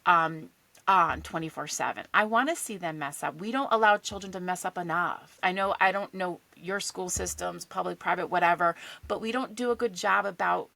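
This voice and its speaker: A woman guest on a podcast, a parenting coach, telling stories in an earnest, lively way. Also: fairly low pitch, moderate pace, gravelly, no room sound. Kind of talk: casual chat.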